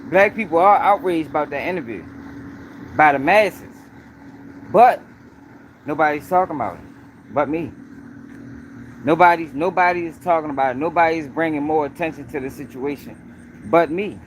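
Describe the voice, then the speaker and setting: Hosting his own news livestream, a man with a slightly high voice talks to his audience head-on, hammering and repeating his points. He speaks at a normal speed but with long pauses, and there's a bit of background noise.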